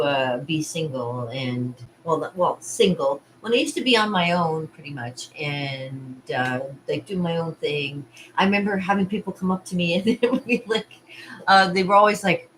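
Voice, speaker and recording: A woman's voice: deep voice, a bit bright, a little hiss or hum, rough recording. A woman hosting a casual vlog from her art studio, chatting in a rambling way with frequent laughs and asides. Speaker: party artist and vlog host.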